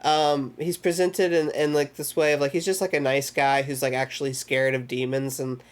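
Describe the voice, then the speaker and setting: A man with a medium-pitched voice, speaking at a moderate pace, hosts a movie discussion. He recaps scenes casually and energetically, rambling and using lots of filler words in a relaxed film chat.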